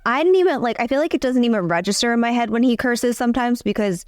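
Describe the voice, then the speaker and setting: A woman's voice: on the high side, fast, dry recording, clean studio sound. A young woman hosting a casual chat, telling a story in a chatty way full of "like". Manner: chatty, many fillers like 'like'. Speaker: vlog host.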